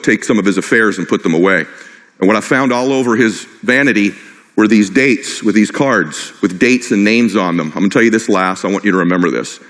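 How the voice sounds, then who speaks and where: A middle-aged man giving a motivational stage talk, impassioned and personal, driving his point home with short repeated phrases. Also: lowish voice. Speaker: motivational speaker. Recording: long hall reverb.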